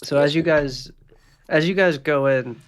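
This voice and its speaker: A man's voice: on the high side, measured pace. A man narrating a tabletop game as dungeon master in a loose, casual way, with lots of filler words.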